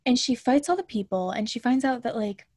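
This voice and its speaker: A woman's voice: fairly high pitch, fairly quick, slightly rough, no echo, clean studio sound. Chatty young woman, mock-indignant retelling. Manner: animated, chatty, full of "like" and mock-indignant asides. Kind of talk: casual chat, retelling a film.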